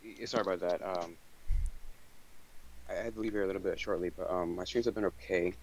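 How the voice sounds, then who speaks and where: Hesitant young guy, very low voice, faint hiss behind, casual call-in chat. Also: steady tone, a little fast, rough recording. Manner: hesitant, lots of fillers and restarts. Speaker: fellow streamer calling in.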